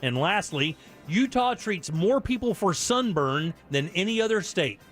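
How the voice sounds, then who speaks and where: A male radio host with a notably high voice talks through a studio microphone. His banter with callers is upbeat and jokey, and soft music plays behind him. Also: lively intonation, a little slow. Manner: jokey, upbeat quiz-giving patter. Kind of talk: casual radio chat with callers.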